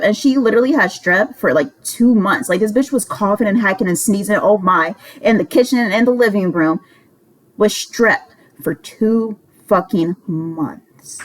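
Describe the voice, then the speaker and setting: A woman's voice: medium pitch, moderate pace, poor audio. A woman in her twenties telling a roommate story in a casual, rambling way, exasperated and swearing freely. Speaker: vlogger.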